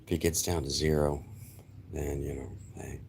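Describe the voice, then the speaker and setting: Middle-aged male streamer with a low, deep voice; loose rambling chat with faint room hiss behind. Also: steady tone, moderate pace, gravelly. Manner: rambling, talkative, greets viewers by name. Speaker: livestream host. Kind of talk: casual livestream chat.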